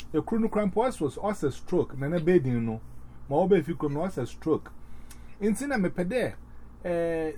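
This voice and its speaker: Rambling man, lively voice. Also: a little high, a little hiss or hum. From Ghana. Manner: rambling, halting, many fillers and restarts. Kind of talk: casual chat.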